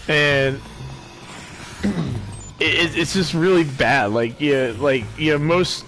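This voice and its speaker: A man's voice: on the high side, slow, a bit bright. Rambling young man chatting over a game. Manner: rambling, full of "like" and restarts. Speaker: streamer. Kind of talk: casual chat over gameplay. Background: game music.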